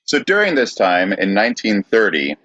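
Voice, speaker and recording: A man co-hosting a podcast, presenting history from notes in a halting way with fillers. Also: lowish voice, wildly swooping pitch, sharp tone, no echo, muffled recording. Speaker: podcast co-host.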